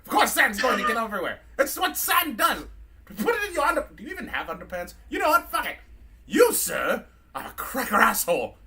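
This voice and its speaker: A man voicing a foul-mouthed, drunk, fussy male robot butler with a put-on British accent and shrill squawking outbursts. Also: huge pitch swings, a little fast, sharp tone, full character voice. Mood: jeering.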